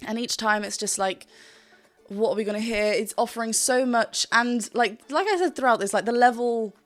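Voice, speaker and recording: A British woman speaks as a vocal coach, breaking down a song with lively enthusiasm. Her voice sits fairly high, and she now and then sings a word to show a point. Faint music plays under her talk. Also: moderate pace. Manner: enthusiastic and chatty, often sings short phrases to demonstrate. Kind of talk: reaction video with vocal analysis. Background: faint music from the video being reacted to.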